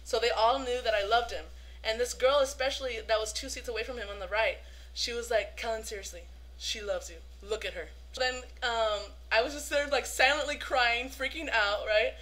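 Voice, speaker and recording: A young woman vlogging as a fan, telling a story in an excited, gushing way, full of "like" fillers. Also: a little high, normal speed.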